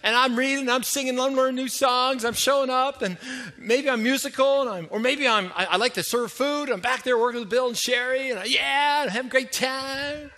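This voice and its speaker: A preacher acting out an overjoyed new convert who gushes breathlessly. The voice jumps well above his normal speaking pitch. It sounds bright and loud. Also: fairly quick, few pauses, heavily acted. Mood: elated. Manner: gushing, breathless excitement. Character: overjoyed newly converted churchgoer.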